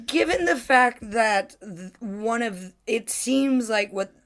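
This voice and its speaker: A woman's voice: fairly high pitch, animated, slow pace, a bit bright. A woman hosting a podcast, chatting casually in a rambling way full of fillers. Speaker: podcast host.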